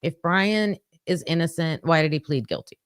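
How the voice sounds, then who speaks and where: A woman's voice: deep voice, animated, normal speed, dry recording, clean studio sound. A woman giving casual true crime commentary, thinking aloud and reading from her notes.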